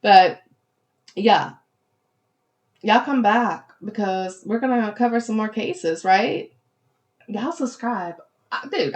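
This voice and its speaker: A woman's voice: medium pitch, a little slow. A woman with a Southern Louisiana accent hosting a podcast, talking casually and with animation, and saying "y'all" often. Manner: chatty, animated, heavy use of "y'all". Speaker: podcast host.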